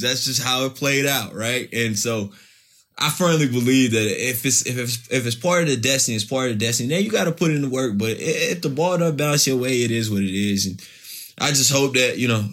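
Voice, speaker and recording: A man's voice: mid-range voice, a bit bright. A man, a pro football player, answering interview questions in a loose storytelling way with many restarts.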